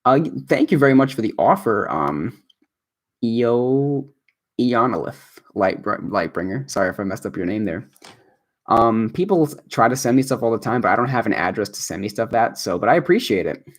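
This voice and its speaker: A man's voice: lowish voice, animated, moderate pace. A man streaming from his apartment, chatting casually and rambling as he reads viewer comments aloud while he builds. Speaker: livestreamer and video creator. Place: home apartment.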